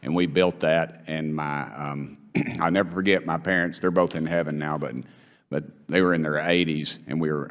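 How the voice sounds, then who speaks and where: A man's voice: very deep voice, a bit bright. A middle-aged man with an East Tennessee Southern accent, speaking as a congressman at a hearing in a folksy, rambling, heartfelt way. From Knoxville, Tennessee. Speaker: congressman questioning witnesses. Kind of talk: hearing testimony, folksy storytelling. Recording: long reverb of a hearing room.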